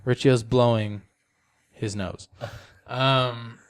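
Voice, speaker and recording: A man's voice: mid-range voice, steady tone, drawn-out words, background noise. A young man co-hosting a gaming podcast, chatting casually and explaining game rules at length. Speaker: podcast co-host. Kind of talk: casual chat.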